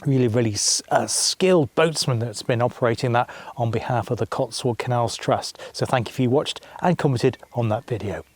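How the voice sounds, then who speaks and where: A man's voice: mid-range voice, brisk, hardly any pauses, dry recording. Chatty man vlogging outdoors, dry sound. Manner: rambling, self-correcting, chatty. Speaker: travel vlogger. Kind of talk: casual vlog narration. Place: outdoors by a quiet lake.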